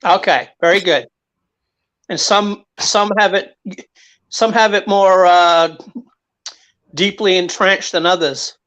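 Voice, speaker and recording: A man chatting on a live stream, halting and self-deprecating. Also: sits high, a bit bright. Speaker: guest. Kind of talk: casual live-stream chat.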